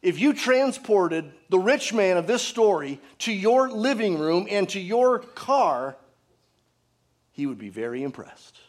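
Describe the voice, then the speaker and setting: A pastor preaching a sermon to his congregation, earnest, asking rhetorical questions and dropping to a hushed tone for emphasis. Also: high-pitched, very animated, a little slow.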